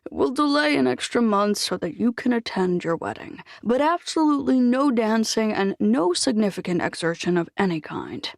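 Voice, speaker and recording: A woman narrator voicing a brisk, firm male cardiologist who reasons with a stubborn patient. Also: fairly high pitch, expressive, vocal fry, no echo, clean studio sound.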